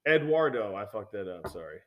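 A man telling a work story in a casual, profane chat, acting out the lines of coworkers with animated delivery. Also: fairly low pitch, brisk. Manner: animated, swears a lot, acts out coworkers' lines.

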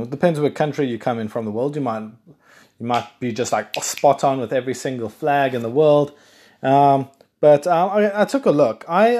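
Chatty South African man, slightly high voice. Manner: rambling, chatty, self-correcting, excitable bursts. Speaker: podcast host. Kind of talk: casual solo podcast chat.

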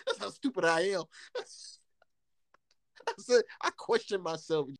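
A man's voice: a little high, normal speed, long pauses, dry recording. A man co-hosting a casual chat, telling stories with lots of laughter, swearing and acted-out quotes. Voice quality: animated, laughs often, swears freely.

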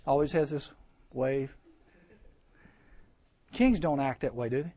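A man preaching a sermon to teens, lively and joking, acting out voices and asking the crowd questions. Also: medium pitch, takes it slowly. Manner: lively, acts out voices, jokes, rhetorical questions. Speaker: camp speaker.

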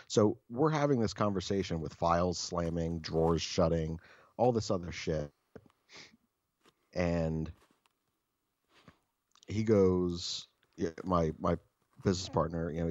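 A man's voice: low-pitched, a little mellow, no echo, muffled recording. A man casually telling a long anecdote, swearing freely and restarting his sentences often. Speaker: storyteller.

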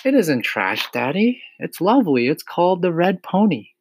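A man voicing a bright, polite little girl in a storybook reading, with a sweet, high, pleading voice. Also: sing-song, normal speed, slightly rough, no echo, full character voice.

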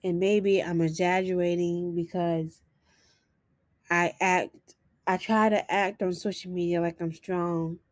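A woman talking to camera in an earnest, self-encouraging and sometimes halting way in a personal confessional vlog. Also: on the low side, little pitch movement, dry recording. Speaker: vlogger.

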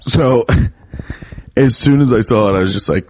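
A man's voice: moderate pace, dark tone. Rambling, jokey man hosting a podcast. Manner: rambling, jokey, profane, pitch jumping up when worked up. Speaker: podcast host. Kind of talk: casual comedic monologue. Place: his bedroom. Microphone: podcast mic while pacing.

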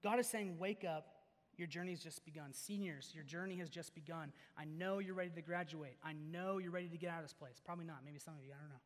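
A young man preaching to a youth audience, animated and joking, swinging between loud and hushed. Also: a little high, fast talker, few pauses. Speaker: youth pastor. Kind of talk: sermon. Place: large hall before an audience. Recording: long hall reverb.

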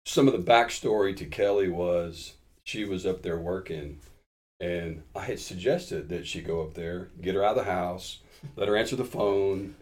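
A man's voice: sits low, normal speed, darkish tone. A man in his fifties, a podcast guest, telling a story in an easygoing, humorous, casual way. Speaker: podcast guest, real estate agent.

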